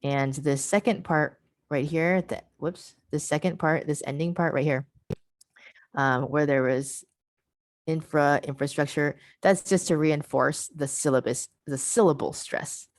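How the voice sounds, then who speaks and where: Give me a patient woman presenter on a video call, low-pitched and dry. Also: no echo. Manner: patient, repeats key points for emphasis. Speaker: workshop presenter. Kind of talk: online teacher workshop.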